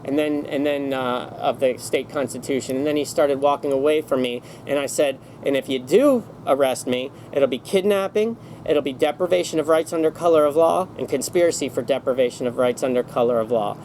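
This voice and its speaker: A man's voice: mid-range voice, fairly quick, hardly any pauses, darkish tone, slight background noise, low-quality recording. A man vlogging in a casual storytelling monologue, rambling along with many restarts and self-corrections.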